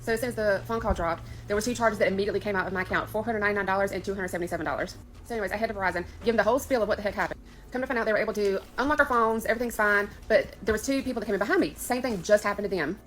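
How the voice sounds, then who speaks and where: Rapid-fire woman telling her scam story, annoyed and lively. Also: mid-range voice, soft background music, low-quality recording. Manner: animated, frustrated retelling. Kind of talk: casual storytime.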